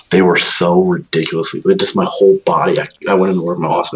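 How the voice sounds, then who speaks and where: A man's voice: low-pitched, fast talker, few pauses, muffled recording. A young man casually telling a long, profane, rambling story about moving into his new house. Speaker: new homeowner. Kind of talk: casual chat.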